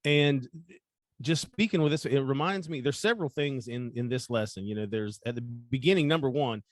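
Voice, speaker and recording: A man's voice: medium pitch, moderate pace, no echo, studio quality. A man co-hosting a casual scripture discussion podcast, speaking earnestly and often restarting his sentences. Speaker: podcast co-host.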